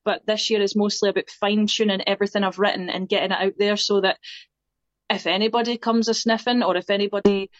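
A woman's voice: mid-range voice, flat delivery, fast, no room sound. Young Scottish woman, chatty guest, self-deprecating; slightly muffled recording. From Scotland. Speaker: singer-songwriter guest. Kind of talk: casual interview chat.

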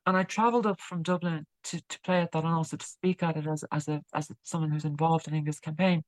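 A woman's voice: deep voice, steady tone, no echo, poor audio. A woman musician being interviewed, chatting casually and repeating words as she tells a story. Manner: halting, repeats words while telling a story. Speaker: guest musician.

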